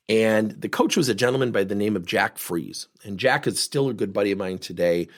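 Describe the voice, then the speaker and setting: A middle-aged man giving a motivational talk as a former coach, telling stories in an animated way and acting out the people in them. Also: on the low side, brisk, few pauses. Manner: animated storytelling, acting out quotes.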